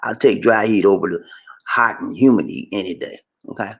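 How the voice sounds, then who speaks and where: A man hosting animated, joking commentary on a news story, talking straight to his audience and repeating himself. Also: fairly low pitch, fairly quick, creaky, dull audio. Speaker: host.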